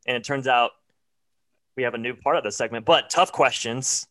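A man's voice: mid-range voice, normal speed, fairly bright tone. A young man hosting a sports podcast, chatting casually and reading a listener question. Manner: upbeat, reads listener questions. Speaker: podcast co-host.

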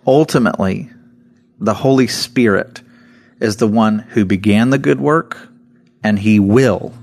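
A man co-hosting a Christian podcast, talking earnestly about scripture and laughing now and then. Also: lowish voice. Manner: earnest, laughs often, animated quotes. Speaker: podcast co-host. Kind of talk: casual devotional podcast talk.

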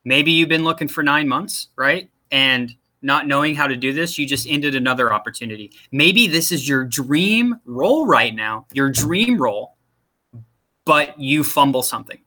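A man's voice: medium pitch, lively intonation, normal speed, bright, forceful tone. A man working as a career coach, giving direct, emphatic interview advice and repeating his key points. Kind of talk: instructional talk to viewers.

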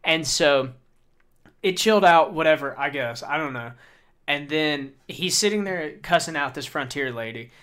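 A young man co-hosting a casual podcast chat, telling stories with lots of swearing and loud acted-out quotes. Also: on the high side, moderate pace, clean tone. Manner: animated storyteller, swears a lot, acts out quotes loudly. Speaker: podcast co-host.

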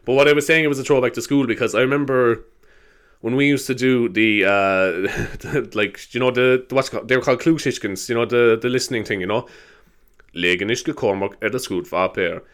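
Telling stories on his casual solo podcast, this Irish host rambles, laughs and drops into silly voices. His mid-range voice is fairly even in intonation, a little fast, slightly bright, clear and resonant.

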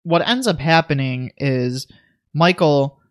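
A man's voice: fairly high pitch, expressive, slow. A man co-hosting a podcast, recapping a horror film in casual, joking chat full of fillers. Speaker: podcast co-host.

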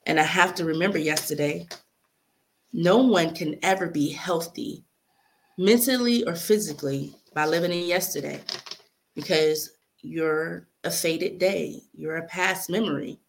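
A young woman with a fairly low, gravelly voice reads aloud a heartfelt letter she wrote, taking her time. She sounds earnest and emotional, close to tears at moments, and there's a slight hiss or hum on the recording.

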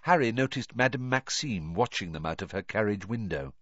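Expressive low-voiced male storyteller. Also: brisk, no echo, lo-fi sound. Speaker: audiobook narrator. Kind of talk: storybook narration.

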